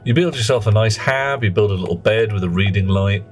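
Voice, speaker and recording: A man's voice: lowish voice, a little fast, faint music behind. A man streaming a game live, chatting in a jokey, rambling way and greeting viewers between explanations.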